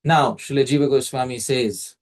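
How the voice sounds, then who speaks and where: A man teaches at a mid pitch in a measured lecture. He works through the ideas step by step and stops now and then to quiz a student by name. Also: fairly even intonation. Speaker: facilitator teaching a scripture class. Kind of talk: explanatory lecture.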